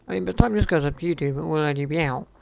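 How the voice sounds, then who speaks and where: A man's voice: a little high, very fast, vocal fry, darkish tone. A man streaming live, ranting in a sarcastic, profane and repetitive way. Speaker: gaming streamer. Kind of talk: casual live-stream rant.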